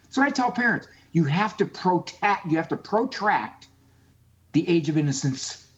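A man's voice: high voice, measured pace, lo-fi sound, slight background noise. A man speaking as a guest psychologist on a call-in radio show, emphatic, acting out quotes. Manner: animated, emphatic, acts out quotes.

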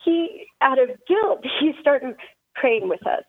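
A woman's voice: high-pitched, very animated, no room sound. Tearful woman caller on a phone line. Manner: emotional, halting, choked up. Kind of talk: call-in radio conversation.

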